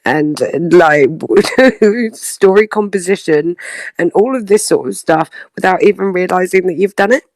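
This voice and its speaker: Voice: medium pitch, unhurried, a little mellow, no room sound. A podcast co-host in casual chat, earnest and groping for the right words.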